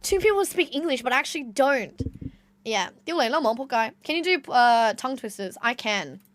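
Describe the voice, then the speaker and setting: A woman's voice: sits high, lively intonation, unhurried. A young Australian woman with an Australian accent, chatting casually with her live-stream audience, laughing often. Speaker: livestreamer.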